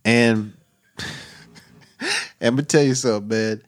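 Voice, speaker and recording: A man co-hosting a podcast in casual sports banter, loud and teasing, laughing often. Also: mid-range voice, steady tone, a little slow. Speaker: podcast co-host.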